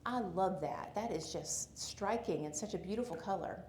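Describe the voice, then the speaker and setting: A woman from Alabama with a Southern accent, speaking at a church gathering and telling a personal story in a chatty, animated way while asking the audience questions. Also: fairly low pitch, normal speed, a little hiss or hum. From Alabama, USA. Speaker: conference speaker. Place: church hall with a live audience.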